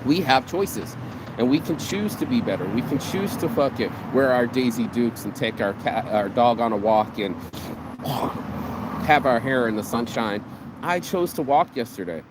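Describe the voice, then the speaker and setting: A man hosting his own vlog, giving a casual motivational rant in an animated, profane, rambling way, speaking outdoors on a city street. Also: mid-range voice, moderate pace. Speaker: vlog host. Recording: outdoor street with passing traffic.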